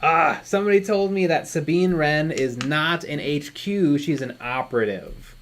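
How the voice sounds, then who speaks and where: A man's voice: fairly high pitch, moderate pace, a little hiss or hum. A man co-hosting a live miniature-painting stream, chatting in an easygoing way and often murmuring agreement. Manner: easygoing, lots of agreeing "mm-hmm". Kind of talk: casual chat.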